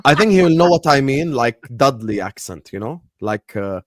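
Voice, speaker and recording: A man on a football fan panel, talking in a casual, animated debate style with lots of fillers and repeats. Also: mid-range voice, moderate pace, dry recording, studio quality.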